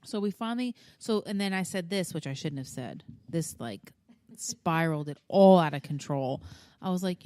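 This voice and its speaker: A woman's voice: fairly low pitch, normal speed, no room sound. A woman co-hosting a podcast, chatting casually as a mother and acting out what her family said. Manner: animated storytelling, acting out what family members said, frequent laughs. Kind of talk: casual chat.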